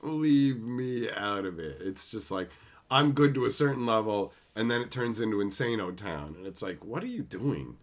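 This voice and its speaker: A man's voice: on the low side, lively intonation, moderate pace. A man hosting a live stream, ranting bluntly and sarcastically with lots of swearing and greeting viewers in the chat. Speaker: livestream host. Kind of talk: profane live-stream commentary.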